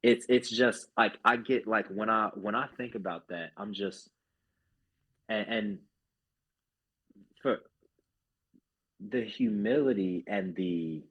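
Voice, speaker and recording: A man's voice: fairly low pitch, slow pace, pauses often, a bit bright, husky. A man who is a group fitness instructor, talking earnestly as a podcast guest and often restarting his sentences. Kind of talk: casual podcast chat.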